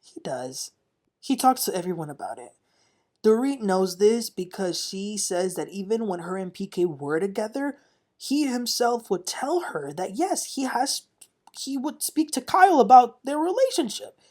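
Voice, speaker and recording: A woman's voice: on the high side, expressive, measured pace, darkish tone. A woman hosting a casual reality-TV recap, chatty and opinionated, often laughing as she talks. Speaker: TV recap host.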